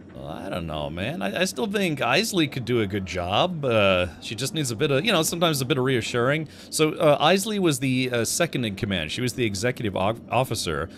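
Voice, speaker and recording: A man's voice: medium pitch, a bit bright, slight background noise. A man streaming a game, chatting with his viewers in a rambling, joking way with frequent chuckles. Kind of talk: casual gameplay commentary.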